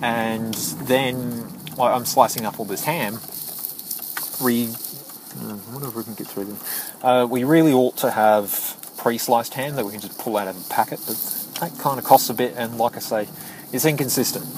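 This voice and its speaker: A man telling a personal story while driving, in a rambling, halting way full of restarts. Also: medium pitch. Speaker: vlogger. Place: inside a moving car. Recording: car noise in background. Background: vehicle noise.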